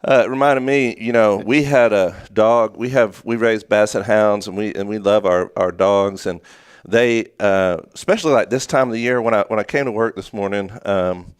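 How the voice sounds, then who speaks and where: Low smooth-voiced man telling a story. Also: moderate pace, no room sound, studio quality. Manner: rambling storyteller with restarts. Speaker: co-host. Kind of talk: casual morning show chat. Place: small studio.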